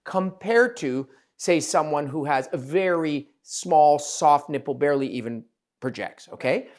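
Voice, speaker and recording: A man's voice: on the high side, lively intonation, measured pace. A man hosting a podcast as a plastic surgeon, telling patient stories candidly, with casual swearing and acted-out quotes. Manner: candid storyteller, swears, acts out quoted voices. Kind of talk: casual conversation.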